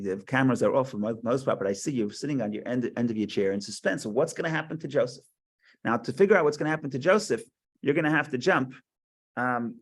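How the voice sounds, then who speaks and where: A man teaching a conversational Torah class, telling stories with frequent restarts and repeated words. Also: fairly high pitch. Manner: chatty storytelling with frequent restarts.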